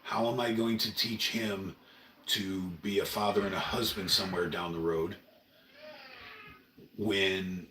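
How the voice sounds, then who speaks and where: Brief: middle-aged man, low and earnest, talking a bit off-mic in a roomy home room. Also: pushed and bright, distant mic, a little hiss or hum. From Oregon, USA. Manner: earnest, rambling, emotional. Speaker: livestream host. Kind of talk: casual livestream monologue.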